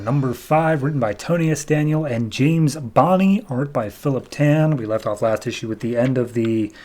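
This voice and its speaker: A man's voice: mid-range voice, darkish tone. A man hosting a podcast, casually recapping comic book issues, rambling and briefly acting out characters' lines. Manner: rambling, retells scenes with quick quoted character voices. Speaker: podcast host.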